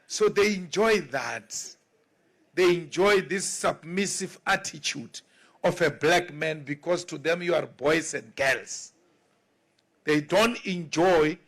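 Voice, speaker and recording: South African political leader, male, high voice, emphatic and repetitive speech delivery. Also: a bit bright. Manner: emphatic and repetitive, with rhetorical questions.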